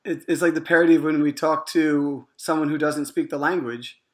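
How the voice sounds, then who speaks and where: A man's voice: a little high, fairly even intonation, a little fast. A man hosting an interview, chatting casually and often agreeing with short acknowledgements. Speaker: interview host.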